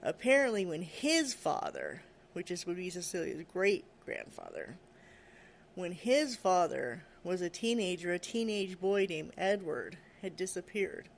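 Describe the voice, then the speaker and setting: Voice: medium pitch, sing-song, measured pace, gravelly. A podcast host casually retelling a story, full of "you know" and "like," laughing now and then.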